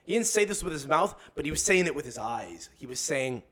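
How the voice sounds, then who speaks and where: A man's voice: fairly high pitch, sing-song, a little fast, hardly any pauses, a bit bright. A young man talking as a podcast guest in casual chat, telling long profane stories and acting out other people's voices. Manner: profane, rambling storyteller.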